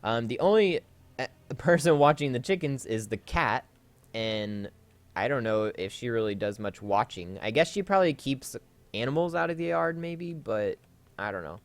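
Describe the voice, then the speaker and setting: A man's voice: mid-range voice, expressive, moderate pace, no echo. A man hosting a Let's Play, rambling through a casual story with lots of fillers and self-corrections while he plays.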